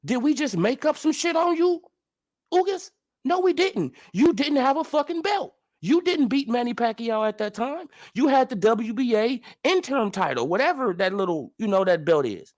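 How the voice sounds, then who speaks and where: A man's voice: very high-pitched, very animated, normal speed. A man ranting in sports commentary as a vlogger, profane and incredulous, firing off heated rhetorical questions.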